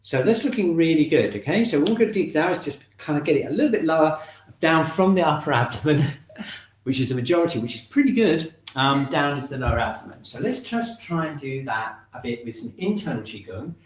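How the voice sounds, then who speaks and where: A man teaching a shiatsu and qigong class, giving calm, encouraging step-by-step instructions. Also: a little high, brisk, far from the mic. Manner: calm, encouraging instructions, often checking in with "okay". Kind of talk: guiding an online movement class. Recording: very echoey room, voice off-mic.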